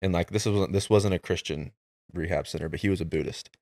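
A man with a notably low, deep voice shares a personal story on a podcast. He talks in a candid, reflective way, with loose and unpolished phrasing. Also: fast, a little mellow. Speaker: podcast host. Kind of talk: casual conversation.

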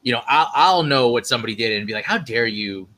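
A man in a casual faith discussion who chimes in agreeably and tells lively anecdotes. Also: medium pitch. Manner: agreeable, quick back-channel replies, animated anecdotes.

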